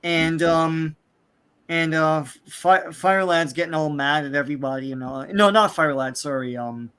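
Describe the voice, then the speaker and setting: A man talks through an old comic story in a loose, rambling way, stopping for "um" and "like" as he goes. His voice sits a little high for a man. Now and then he slips into the characters' lines for a quick bit of acting. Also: a bit bright, clear, resonant tone. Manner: rambling, many fillers, acts out characters' lines. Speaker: podcast host. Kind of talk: casual comic book recap chat.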